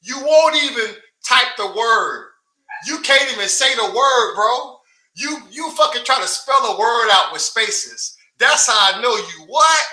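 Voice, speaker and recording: A man with a high, piercingly bright voice rants into his camera, taunting and cursing at his critics. He talks in a confrontational, swaggering way and keeps breaking into scoffing laughs. The recording rings with the echo of the room around him. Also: animated, unhurried. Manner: taunting, confrontational, heavy swearing. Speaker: online streamer. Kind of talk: heated livestream rant. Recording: echoey room.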